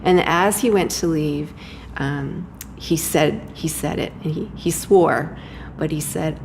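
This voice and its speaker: A woman with a low voice speaks as an interview guest. Her reflective talk is hesitant, full of fillers and restarts, with a faint hiss of noise behind her. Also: takes it slowly, few pauses, a little mellow. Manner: hesitant, many fillers and restarts, laughs often.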